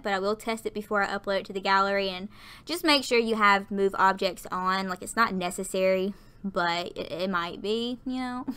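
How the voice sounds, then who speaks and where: A young woman from lower Alabama, chatting and rambling through a casual video game voiceover, audibly out of breath. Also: bright, forceful tone, clear, resonant tone. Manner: rambling, chatty, lots of fillers. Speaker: Sims build YouTuber.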